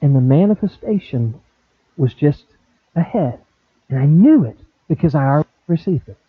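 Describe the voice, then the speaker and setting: A middle-aged pastor preaching a sermon, animated, acting out quoted conversations with big swings in voice. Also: male voice, a little high, normal speed, husky, no room sound. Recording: dry, tinny phone-like sound.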